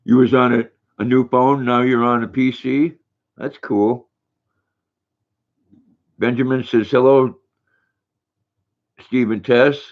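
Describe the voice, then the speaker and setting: An older man hosting a casual livestream, reading viewers' comments aloud in a relaxed, folksy way. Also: mid-range voice, slow, pauses often. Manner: relaxed, folksy, reads viewer names and messages. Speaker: livestream host. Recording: dull lo-fi stream audio.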